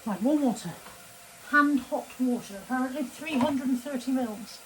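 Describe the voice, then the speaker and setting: This is a casual daily vlog: a woman from England talks to camera in her kitchen, making fun of herself and often going down to a near whisper. She has a high-pitched, somewhat bright voice at normal speed, with slight background noise.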